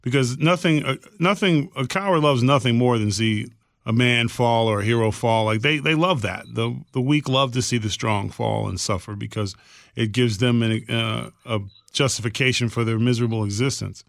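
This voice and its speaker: Speaking at a moderate pace, a podcast co-host with a creaky, medium-pitched voice earnestly tells a story in casual chat, voicing the characters' quotes. The recording is studio quality with no room sound.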